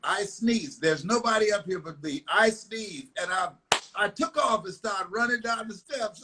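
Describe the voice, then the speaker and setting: A man's voice: high voice, measured pace, bright, forceful tone, slight background noise, rough recording. An older man from the United States, a motivational speaker telling stories in a live online interview, emphatic and repetitive. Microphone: live video call.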